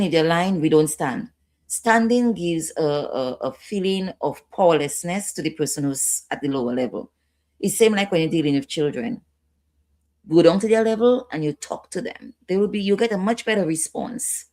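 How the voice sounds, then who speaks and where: A woman's voice: on the low side, a little mellow. A woman instructor giving a training lecture, repeating key points and checking in with her listeners.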